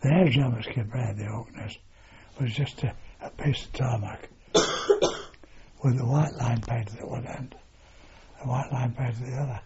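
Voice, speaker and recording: An older man recounting his wartime service in an oral history, halting with fillers and mild swearing. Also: mid-range voice, creaky. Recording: dull lo-fi recording with steady noise.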